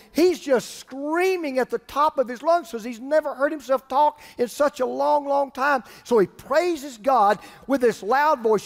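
A man preaching a sermon as pastor, animated, swinging between loud passages and hushed ones. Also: very high-pitched. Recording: hall reverb.

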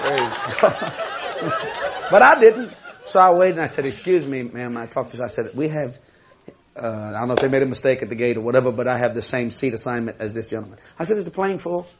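A man preaching a sermon, telling a story in an animated, laughing way and acting out what people said. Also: mid-range voice, a little fast, crowd noise, background noise.

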